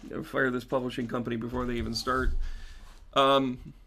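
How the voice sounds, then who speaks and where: A man hosting a casual live stream as a spiritual medium and astrology teacher, chatting animatedly with viewers and breaking into loud laughter. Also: medium pitch, flat delivery, brisk, slight background noise.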